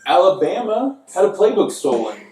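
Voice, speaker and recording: A young man on a casual podcast, trading dry, teasing one-liners in a mellow, relaxed voice. The room rings with echo, and he sits well back from the mic. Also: sits high, brisk, distant mic. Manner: teasing, deadpan quips. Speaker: podcast co-host. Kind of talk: casual chat.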